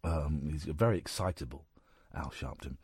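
A man's voice: rumbling low, moderate pace, a little mellow, slightly rough, no room sound, studio quality. A man hosting a radio show, reading news stories aloud and breaking off with sarcastic asides. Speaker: radio host. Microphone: studio microphone.

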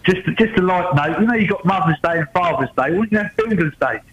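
A man's voice: sits high, expressive, quick pace, fairly bright tone, echoey room. Cheeky male caller on a muffled line. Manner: cheeky, teasing. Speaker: radio caller. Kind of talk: phone-in banter.

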